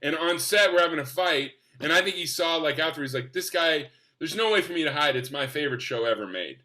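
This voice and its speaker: Guest man, forties, bright and punchy, high-ish voice, enthusiastic storyteller on a casual podcast. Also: fast. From Spokane, US. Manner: enthusiastic, animated, acts out quotes. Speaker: actor guest.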